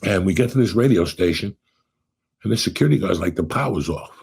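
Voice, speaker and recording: A middle-aged man hosting a podcast, telling stories in a profane, animated way and acting out what people said. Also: low-pitched, fairly quick, gravelly, background noise. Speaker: podcast host. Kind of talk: casual storytelling chat.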